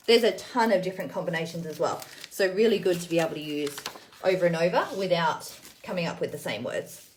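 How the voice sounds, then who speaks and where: A woman's voice: mid-range voice, slight background noise. A woman demonstrating phonics card games in a casual tutorial, sounding out words letter by letter and explaining the rules in a chatty way. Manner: sounds out words slowly, then explains briskly. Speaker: teacher demonstrating literacy games.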